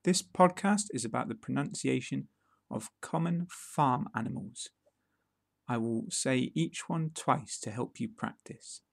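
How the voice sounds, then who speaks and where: British male teacher, slow and deliberate, slightly gravelly. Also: mid-range voice, no echo, studio quality. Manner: careful, deliberate word-by-word delivery. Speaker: pronunciation teacher. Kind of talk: slow pronunciation lesson.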